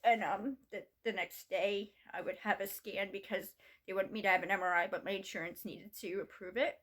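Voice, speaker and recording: A middle-aged woman vlogging from home, telling a personal story in a halting, rambling way with many restarts. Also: medium pitch, steady tone, fairly bright tone.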